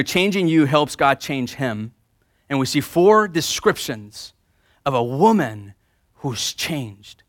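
A male pastor preaching a sermon, swinging between loud emphasis and quiet repetition and leading the congregation in call-and-response. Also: on the high side, dry recording, studio quality.

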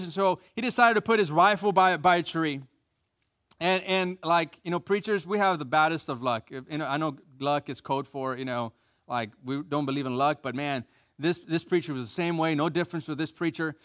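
American male preacher, slightly high pitch, energetic and repetitive sermon delivery. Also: a little fast. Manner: animated, repeats phrases for emphasis; leads call-and-response with the congregation.

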